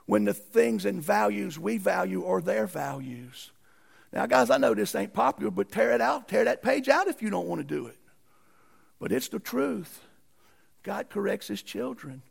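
A man's voice: sits high, expressive, moderate pace, gravelly, slightly rough. A man preaching a sermon, telling stories in a folksy way and rising into emphatic outbursts. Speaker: pastor.

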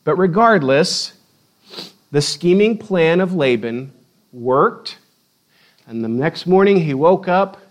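A man preaching a sermon, telling the story in a lively, playful way and acting out the quotes. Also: fairly high pitch, slow pace, long pauses. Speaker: pastor.

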